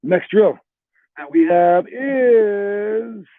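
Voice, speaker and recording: A man's voice: high-pitched, animated, very slow, no echo. A man coaching basketball players, giving a rambling motivational talk full of "all right" and "like" before walking them through a drill. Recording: dry, tinny phone-like sound.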